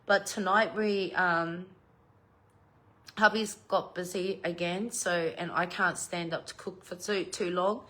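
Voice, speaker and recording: A middle-aged Australian woman chats to her viewers from home, spinning a family story with plenty of swearing. Her voice is bright and sharp, and she keeps the tale rolling in an easy, casual way. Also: lowish voice, fairly even intonation, slow. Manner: chatty, swears freely. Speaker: vlogger.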